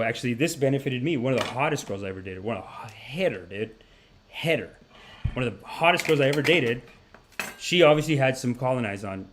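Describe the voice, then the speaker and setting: Animated man on a comedy podcast. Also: mid-range voice, slight background noise. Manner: animated, rambling, swings between voices. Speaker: podcast host. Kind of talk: comedic monologue.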